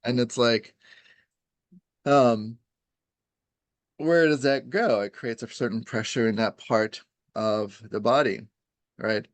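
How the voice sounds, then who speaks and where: A man's voice: medium pitch, slow, long pauses, no echo. A man who practises Ayurveda, explaining in a rambling, casual way, full of "you know" and "right?" and little acted-out quotes.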